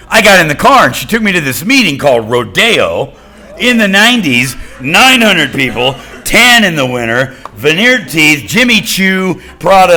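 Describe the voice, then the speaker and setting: A middle-aged man telling his recovery story to a meeting, in lively storytelling with self-mocking humor that swings from quiet to loud. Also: mid-range voice. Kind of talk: personal recovery talk to a meeting. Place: meeting room with audience.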